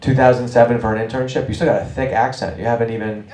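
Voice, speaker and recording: A man doing stand-up crowd work, brash and teasing, firing quick jabs at audience members. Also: medium pitch, little pitch movement, a little mellow. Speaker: stand-up comedian. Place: small comedy club. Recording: roomy club from a distance, crowd laughter. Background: audience laughing.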